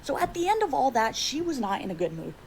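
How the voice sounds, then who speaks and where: A woman's voice: high-pitched, quick pace, a little hiss or hum, rough recording. A woman telling a comedic story about her own birth, acting out the voices of her parents. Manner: expressive, acts out quoted yelling. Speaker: storyteller in clip.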